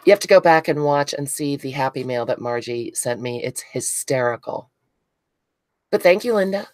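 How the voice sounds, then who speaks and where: A woman's voice: very deep voice, animated, normal speed, darkish tone, no room sound. A woman hosting a craft live stream, chatting casually with viewers and gushing with frequent giggles. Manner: giggly, gushing, reads out chat names.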